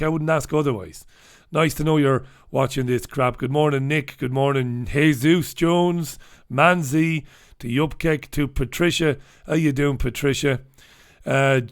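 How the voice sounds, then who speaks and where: A man's voice: on the high side, fairly bright tone, clean tone. A middle-aged man from the UK hosting a casual livestream, reading the papers and greeting viewers in an irreverent, swearing manner. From United Kingdom. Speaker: host.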